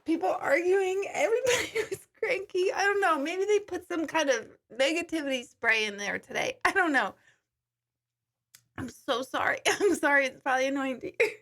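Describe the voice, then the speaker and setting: A woman's voice: very high-pitched, lively intonation, moderate pace, fairly bright tone. A woman hosting a casual live chat with viewers, breaking into laughing fits, tired, apologizing and swearing as she tells a story. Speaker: livestream host.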